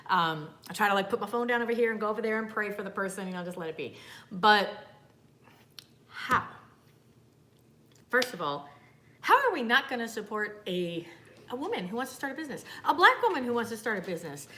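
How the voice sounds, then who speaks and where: A woman's voice: medium pitch, sing-song, a little fast, long pauses, bright, forceful tone. Woman livestreaming, earnest and frustrated, noisy. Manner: greets viewers by name, earnest and frustrated. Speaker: beauty YouTuber livestream host. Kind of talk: casual livestream chat.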